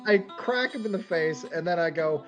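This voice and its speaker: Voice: medium pitch, lively intonation, moderate pace, faint music behind. A player joking around while playing a tabletop game.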